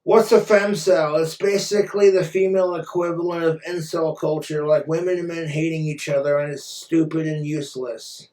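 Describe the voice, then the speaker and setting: A man rants into the camera, blunt and crude, swearing freely. His voice sits a little high for a man. It echoes around the room and sounds set back from the mic. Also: little pitch movement, normal speed, hardly any pauses, darkish tone. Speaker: vlogger. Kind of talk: profane casual rant. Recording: roomy echo, far from mic.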